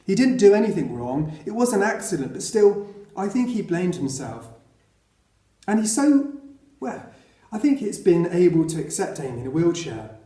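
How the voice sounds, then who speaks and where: A man's voice: high-pitched, big pitch swings, moderate pace, dark tone, roomy sound. A man reading the lines of a worried mother who explains things hesitantly. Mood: troubled. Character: worried mother, earnest and confiding.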